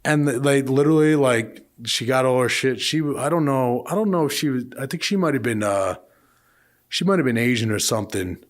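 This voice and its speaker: A man on a casual podcast tells a story in a loose, rambling way. He swears freely and slips into the voices of the people he describes. His pitch sits in the middle for a man. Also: expressive, a little fast. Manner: profane rambling storyteller, acts out quotes. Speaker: podcast co-host. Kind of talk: casual chat.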